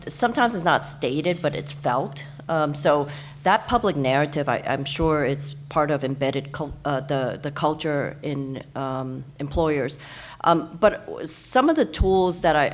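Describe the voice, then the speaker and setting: A woman panelist speaking in a measured, hesitant way, with many pauses and ums. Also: deep voice. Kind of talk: panel discussion answer.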